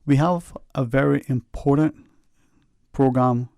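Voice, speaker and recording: A man's voice: mid-range voice, steady tone, unhurried, creaky, a little mellow, no room sound. A man hosting a radio talk show, rambling and folksy with lots of "you know", earnestly advising listeners from a studio microphone.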